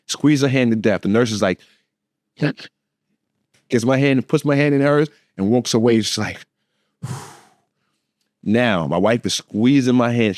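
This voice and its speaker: A man co-hosting a podcast, telling a story in a lively, laughing way and acting out the voices in it. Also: mid-range voice, no room sound, clean studio sound. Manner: animated, laughing, acts out voices in his story. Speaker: podcast co-host. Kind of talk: casual storytelling chat.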